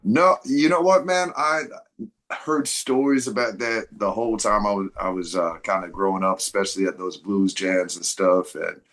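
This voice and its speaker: A younger man as an interview guest, talking in a relaxed way, saying "man" a lot and laughing easily. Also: fairly low pitch, moderate pace. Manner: laid-back, says "man" often, laughs easily. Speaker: guest, blues musician. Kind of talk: casual interview chat.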